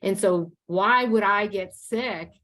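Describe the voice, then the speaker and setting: A woman in her sixties, a naturopath and health coach, introducing herself on a video call in a measured, explanatory way. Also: medium pitch, fairly bright tone. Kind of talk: self-introduction on an online show.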